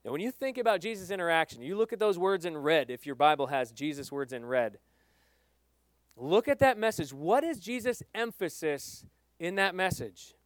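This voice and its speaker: Middle-aged male pastor, emphatic sermon delivery, slightly higher voice, dry close sound. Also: no echo. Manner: earnest, emphatic, swings between loud and soft.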